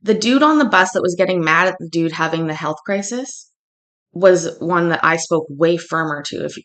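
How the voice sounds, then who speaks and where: A woman from Canada tells a long story in casual chat, and her voice sits a little on the low side. She rambles and restarts her sentences often, and she gets animated when she acts out what people said. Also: moderate pace. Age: adult, has a daughter. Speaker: livestream host.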